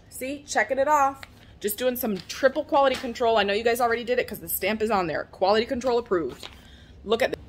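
Chatty excitable woman vlogging at home. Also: mid-range voice. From Florida, USA. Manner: chatty, excitable, talks straight to the viewer. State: out of breath. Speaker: vlogger and small business owner. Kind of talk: casual vlog talking to camera. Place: at home, indoors.

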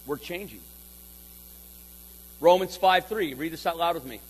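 Male preacher, high and lively, playful delivery with sudden loud bursts. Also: slow pace, long pauses, slightly rough, rough recording. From California. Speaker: pastor. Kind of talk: sermon.

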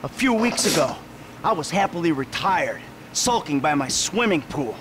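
A bitter ex-crook, high lively voice, cursing sarcasm, noisy game audio. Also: male voice, moderate pace. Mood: sarcastic rant. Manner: sarcastic, cursing, rising into rants. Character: bitter sarcastic retired male criminal, middle-aged. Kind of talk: video game cutscene dialogue. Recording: game audio with loud background noise.

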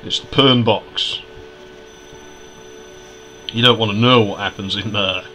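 A man's voice: on the low side, takes it slowly, pushed and bright. Crude rambling man from Hull. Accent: Hull, Yorkshire. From Hull, England. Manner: crude, profane, rambling and laughing. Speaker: let's play host. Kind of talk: casual gameplay commentary. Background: game music.

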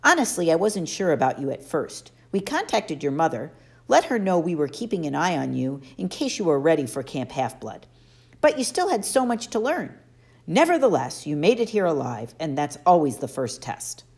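A woman voicing a kindly, patient male teacher who speaks calmly and formally in a storybook reading. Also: low-pitched, normal speed.

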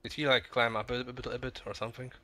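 A man with a cold chatting casually while playing a game, often halting and repeating words. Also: medium pitch, level tone, pushed and bright. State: has a cold. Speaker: game player. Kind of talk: casual gaming chat.

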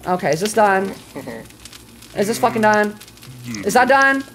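A woman streaming a cooking game, excitable and foul-mouthed, talking to her chat and flaring into loud exclamations when flustered. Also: mid-range voice, a little slow, long pauses, a little hiss or hum. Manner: excitable, swears a lot, talks to chat. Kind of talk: live gameplay commentary.

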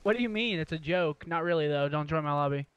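Higher-voiced male gamer trash-talking. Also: fast, muffled recording. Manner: teasing trash talk with laughter. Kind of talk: live gameplay chat.

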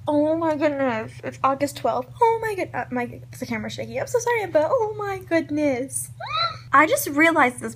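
A woman's voice: high-pitched, fairly bright tone, a little hiss or hum, rough recording. A young woman filming a vlog at home, gushing and breathless with lots of "like" and "oh my god", sounding stuffy from a cold. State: congested, sick. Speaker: YouTuber. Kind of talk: emotional thank-you vlog. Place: at home at a computer.

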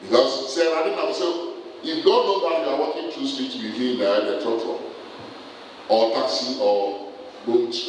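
A man's voice: medium pitch, slight background noise. A man preaching a sermon, throwing questions at the congregation for them to answer. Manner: call-and-response questions to the congregation. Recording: echoey hall from far off, faint ambience.

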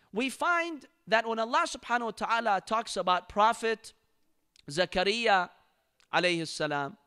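A man's voice: sits high, sharp tone, smooth. A man giving a Ramadan lecture in a mosque as preacher, telling stories expressively and reciting Arabic verses.

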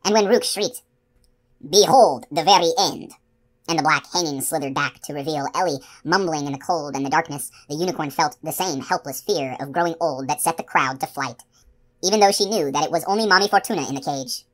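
This audiobook of a novel is read by a low-voiced woman. Her narration moves quickly, and she keeps it both steady and expressive.

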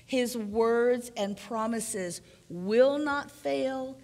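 A woman preaching a sermon in an earnest, emphatic, measured teaching manner. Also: fairly high pitch, darkish tone. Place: church sanctuary. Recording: church sanctuary with long reverb.

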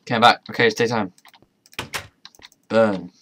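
A man's voice: fairly low pitch, steady tone, measured pace, sharp tone, slight background noise. A young man commentating as he plays a modded game, chatty and muttering to himself, with mild swearing along the way. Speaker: gamer. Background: faint keyboard and mouse clicks.

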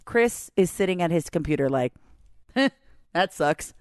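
A woman in her forties co-hosting a podcast, telling a story in a lively way and laughing often. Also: on the low side, moderate pace, dry recording, studio quality. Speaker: podcast co-host. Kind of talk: casual chat, animated storytelling.

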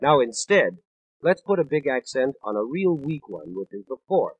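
A man's voice: mid-range voice, very animated, moderate pace, husky, no room sound, narrow, tinny audio. A man in his thirties giving a scripted spoken lecture on music for a 1950s studio record, explaining patiently and counting out beats in rhythm. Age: 30s.

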